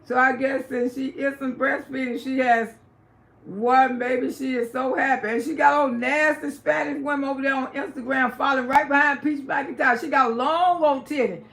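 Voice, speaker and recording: Brief: a high-pitched woman hosting a live gossip stream, loud and cussing. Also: steady tone, normal speed, vocal fry. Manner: loud, emphatic, profane ranting. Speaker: livestream host.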